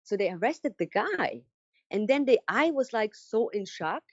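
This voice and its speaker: A woman being interviewed, telling a personal story in a casual, animated way and acting out what people said. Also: on the high side, measured pace, dry recording. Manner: animated storyteller who acts out quoted dialogue; frequent fillers and restarts, casual phrasing. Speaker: interview guest. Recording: dry, slightly dull lo-fi audio.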